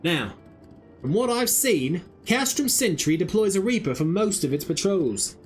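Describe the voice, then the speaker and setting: A sly, rough-spoken rogue , as a man puts him on, drawling folksy talk with dropped endings. His pitch climbs above his usual and swings widely as he lays out his scheme. Faint game music plays underneath. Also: lively intonation, normal speed, a little mellow. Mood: scheming. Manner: folksy dropped-g drawl, put-on rustic accent.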